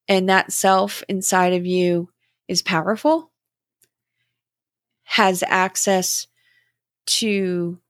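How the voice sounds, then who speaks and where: A middle-aged woman hosting a podcast, speaking in a slow, gentle and contemplative way about spiritual growth. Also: medium pitch, no room sound, clean studio sound. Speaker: podcast host. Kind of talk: reflective spiritual talk.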